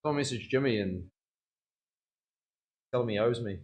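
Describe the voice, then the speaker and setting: Working in his tattoo studio, a young man chats casually on a live stream, laughing frequently and using lots of slang. His voice is medium-pitched with a darkish tone, at normal speed.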